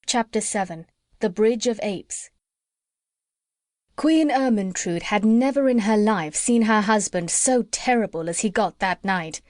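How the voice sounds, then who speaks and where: A woman's voice: mid-range voice, measured pace, darkish tone, no echo. Brief: woman narrator, storybook reading, close and dry, mid voice. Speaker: audiobook narrator.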